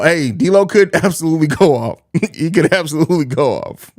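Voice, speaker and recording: A man's voice: a little high, a little slow, pauses often. A man hosting a live pregame sports stream, bantering in slang and laughing often. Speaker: podcast host.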